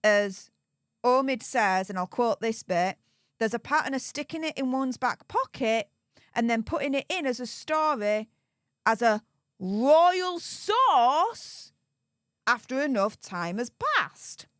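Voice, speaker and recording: A woman's voice: fairly high pitch, expressive, measured pace, a bit bright, no room sound, studio quality. A tired woman from the UK reading a book aloud on a live stream, chatty, with sarcastic asides. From United Kingdom. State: tired after hours of streaming. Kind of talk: casual live-stream commentary.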